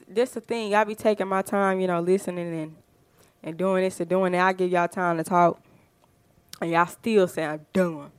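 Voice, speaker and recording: A woman with a fairly low-pitched voice, recorded without echo, hosts a podcast in a casual monologue. She is fired-up and emphatic, firing off rhetorical questions and often saying "you know what I'm saying."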